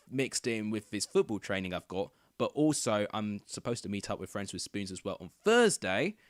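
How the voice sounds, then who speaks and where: Excitable young football watchalong host. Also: male voice, fairly low pitch, dry recording, clean studio sound. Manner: chatty, rambling, bursts into excited shouts at near misses. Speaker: YouTuber hosting a football watchalong. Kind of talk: live match commentary and casual chat.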